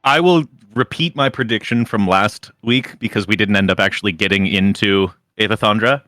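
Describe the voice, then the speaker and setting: A player in a tabletop game stream, speaking in a measured, thoughtful way about their character. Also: medium pitch, a bit bright, no echo, clean studio sound. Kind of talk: casual chat between players.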